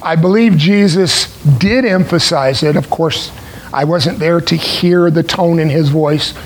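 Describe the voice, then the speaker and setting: Slow, high-voiced male preacher. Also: a little hiss or hum, rough recording. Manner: deliberate, explanatory, with pauses. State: clearing his throat. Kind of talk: sermon.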